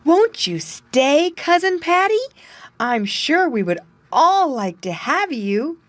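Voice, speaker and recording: A woman voicing an excitable young male muskrat who stammers eagerly in a storybook. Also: high voice, takes it slowly, no room sound, pitched above the performer's own voice, exaggerated voice.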